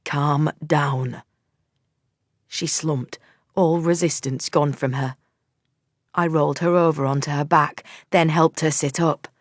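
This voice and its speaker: A woman narrating a first-person audiobook in a measured, steady storytelling manner. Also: sits low, dry recording, studio quality.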